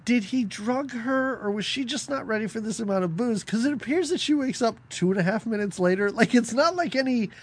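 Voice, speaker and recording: A man's voice: extremely high pitch, brisk, hardly any pauses, husky. A man co-hosting a podcast, recapping a film in casual chat, acting out lines and laughing often. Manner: animated, acts out quotes, laughs often. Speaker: podcast co-host.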